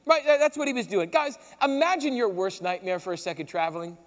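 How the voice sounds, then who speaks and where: Pastor guy preaching, super high voice, chatty and slangy, long echo in a big hall. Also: fairly quick. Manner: casual, animated storytelling with slang. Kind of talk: sermon.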